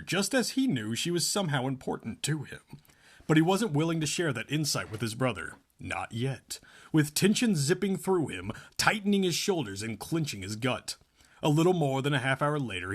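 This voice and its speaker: A man's voice: mid-range voice, fairly bright tone, breathy edge. A man co-hosting a podcast, reading a novel aloud and often breaking off to laugh and joke. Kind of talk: casual chat and comic read-aloud.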